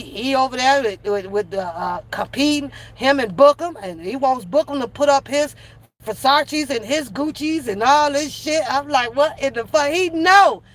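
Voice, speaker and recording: A woman's voice: a little high, fairly bright tone. A woman streamer giving casual reaction commentary in a profane, laughing, rambling rant.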